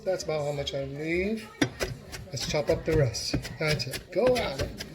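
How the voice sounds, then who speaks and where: A man's voice: a little high, animated, measured pace, background noise. A man giving a casual cooking demonstration in his home kitchen, chatty and encouraging as he talks while chopping.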